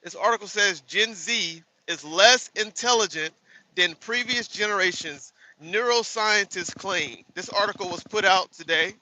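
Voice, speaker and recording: A man's voice: sits high, a little slow, pushed and bright, rough recording. A man driving a truck and live streaming, ranting and swearing in a casual, exasperated way from inside his cab. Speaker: truck driver livestreamer. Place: truck cab on a bumpy road. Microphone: phone.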